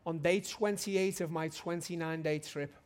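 A man in his forties preaching a testimony sermon in a church hall, fervent and shouting at his high points. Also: fairly even intonation, a little slow.

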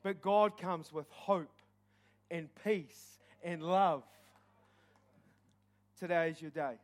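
A man's voice: on the high side, slow pace. A man, preaching as pastor at a church service, telling his own testimony with rising passion and leading an altar call.

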